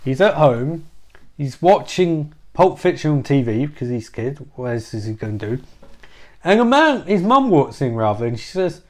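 A man's voice: fairly high pitch, sing-song, moderate pace, darkish tone. A man hosting a podcast, talking through a rambling comedic monologue with self-interruptions, swearing and asides. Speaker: podcast host.

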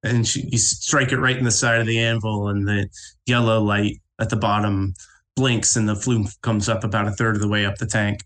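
A man running a tabletop game as game master, narrating haltingly and laughing often. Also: lowish voice, flat delivery, a bit bright.

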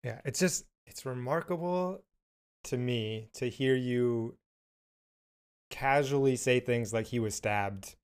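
A young man hosts a casual podcast interview. His voice sits in an ordinary middle range. He talks reflectively, pausing and restarting as he works his thoughts out. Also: medium pitch, clean tone. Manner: reflective, hesitant, filler-heavy. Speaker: podcast host.

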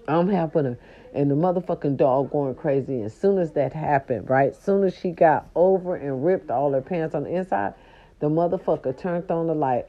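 An older woman telling a story to her viewers in a casual, animated, profane way, with speech. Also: sits low. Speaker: storyteller vlogger. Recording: dull lo-fi recording.

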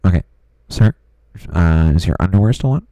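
A man's voice: sits low, lively intonation, normal speed, warm tone, dry recording. A man doing a fussy, officious emergency dispatcher. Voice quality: blocked nose. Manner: formal, keeps repeating "sir". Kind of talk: improvised comedy skit.

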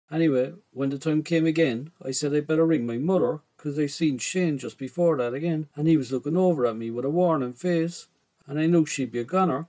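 A man with an Irish accent narrating a first-person story in a rough, slangy teenage voice. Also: on the high side, mellow.

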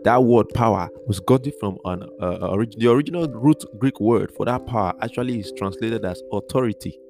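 A man with a fairly low voice teaches from the Bible on a podcast, earnest and repetitive. He often circles back over a point and spells out key words letter by letter. Guitar music plays clearly behind him. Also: brisk, a little mellow.

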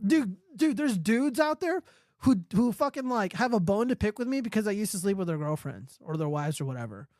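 A man's voice: sits high, sing-song, brisk, a little mellow, no echo, studio quality. A man hosting a livestream, ranting casually and profanely while answering chat. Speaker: livestream host.

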